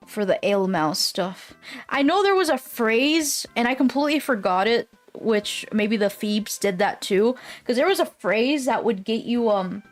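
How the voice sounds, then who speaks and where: A woman streamer chatting casually with her viewers. She rambles, swears often and laughs easily. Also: on the high side. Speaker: live streamer. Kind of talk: casual live-stream chat.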